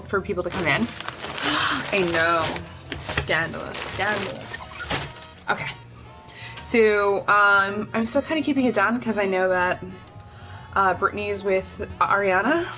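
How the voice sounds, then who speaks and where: A young woman livestreaming from home, chatting casually and rambling to her viewers, breathing heavily through a stuffy nose. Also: medium pitch. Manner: chatty, rambling, addresses chat directly.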